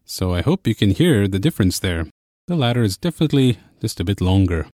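A man teaching a language lesson, explaining clearly and patiently. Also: lowish voice, sing-song, fairly quick, dark tone, no echo, studio quality. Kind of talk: scripted lesson narration.

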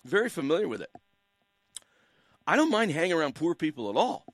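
A man on talk radio, worked up and preachy, firing question after question at his listeners. His voice sits high for a man and swings widely in pitch. The sound is dry and close, straight off a studio microphone. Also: very animated, fairly quick, no room sound. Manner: preachy, fired-up, hammering rhetorical questions. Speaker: radio talk show host. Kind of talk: impassioned call-in radio commentary.

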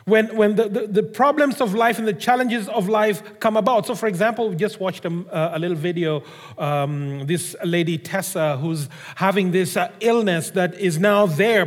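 A male pastor preaching a sermon, telling a story to the congregation in an animated way. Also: high voice, big-room sound.

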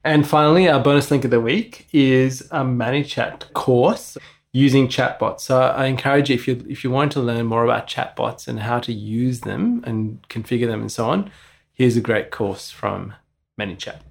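Gravelly-voiced man introducing podcast segments. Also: mid-range voice. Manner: brisk, introduces segments, short agreements. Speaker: podcast co-host. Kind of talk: casual podcast chat.

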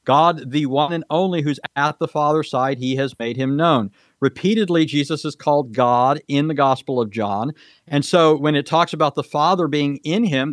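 In a formal debate, a man with a medium-pitched voice answers questions precisely and in a lecturing manner, citing Bible verses, scripture references and Greek grammar. There is no room sound.

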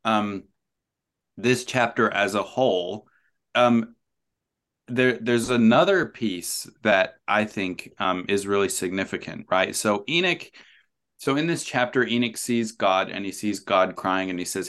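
Low-voiced man, thoughtful and halting. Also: a bit bright. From New Zealand. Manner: thoughtful, hesitant, many ums and restarts. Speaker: author and guest. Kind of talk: conversational podcast interview.

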